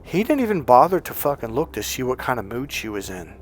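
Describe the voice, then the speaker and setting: A man's voice: mid-range voice, very animated, brisk. A man talking as a dating coach, blunt and profane, often quoting others in put-on voices. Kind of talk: coaching monologue.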